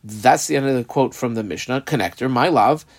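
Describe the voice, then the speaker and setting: A man leads a Talmud study lesson in a mid-range voice. He works through the page phrase by phrase and pauses to tell listeners how to mark each word. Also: mid-range voice. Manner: explains step by step, marking up the text aloud. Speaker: Talmud teacher.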